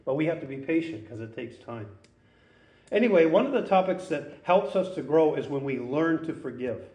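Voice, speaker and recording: A man preaching a sermon as a pastor, earnest and conversational, reading scripture with lively emphasis. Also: a little high, normal speed, reverberant.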